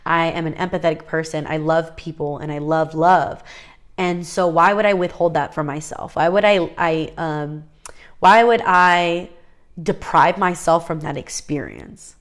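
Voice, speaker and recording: Earnest young woman, low voice. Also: unhurried. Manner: earnest and confiding, with fillers and restarts. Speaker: faith vlogger. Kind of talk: casual heartfelt talk to camera.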